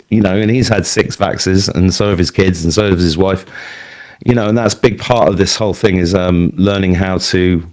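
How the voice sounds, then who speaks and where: A man's voice: low voice, fairly even intonation, normal speed, a little mellow. An English man in his fifties telling his life story to a live audience, rambling and conversational, with plenty of fillers and asides. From England. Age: 50s. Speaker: speaker at an event. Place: talk before a live audience.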